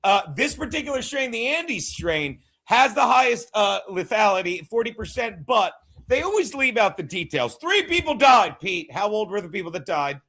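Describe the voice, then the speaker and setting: A man hosting a casual political chat show, loud and emphatic, joking and shouting his punchlines. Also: high-pitched, sing-song, moderate pace. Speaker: podcast host.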